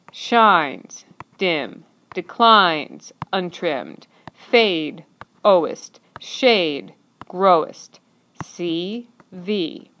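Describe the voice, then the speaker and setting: A woman's voice: mid-range voice, fairly bright tone. A woman teacher narrating an instructional lesson, patiently counting and clapping out syllables step by step.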